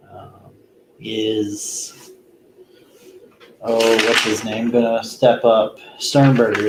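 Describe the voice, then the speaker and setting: A man hosting a solo fantasy football show, talking casually and rambling with plenty of pauses, tired after a long day. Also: medium pitch, a little mellow, slight background noise, poor audio. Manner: rambling, lots of ums and restarts, easygoing. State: tired, yawning. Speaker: fantasy football podcast host.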